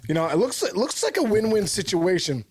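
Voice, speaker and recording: A man co-hosting a sports podcast, a former baseball player telling stories in casual chat with lively voiced quotes. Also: high voice, a little fast, slightly rough. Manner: animated storytelling with voiced quotes.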